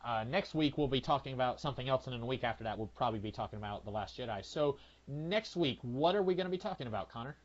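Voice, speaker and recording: A man co-hosting a podcast in casual movie review chat, telling things in a rambling, halting way full of fillers and restarts. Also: mid-range voice, lively intonation. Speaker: podcast co-host. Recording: lo-fi, dull sound.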